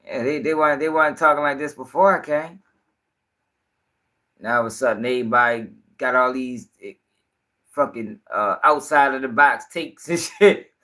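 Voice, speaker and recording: Bright, animated livestream commentator man. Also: medium pitch, normal speed. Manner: profane, rambling, animated.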